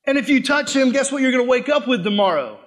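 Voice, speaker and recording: A young man preaching a sermon as pastor, animated, swinging from loud acted-out quotes to quiet, earnest asides. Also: extremely high pitch, fast talker.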